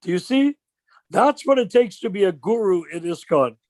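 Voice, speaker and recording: An older man leading an informal religious discussion on a video call, telling stories with rhetorical questions in an animated way. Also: sits high, normal speed, no room sound. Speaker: discussion leader.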